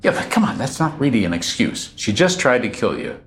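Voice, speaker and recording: A man's voice: medium pitch, wildly swooping pitch, brisk, a bit bright. A man interviewing a witness, asking probing questions in a blunt, skeptical way.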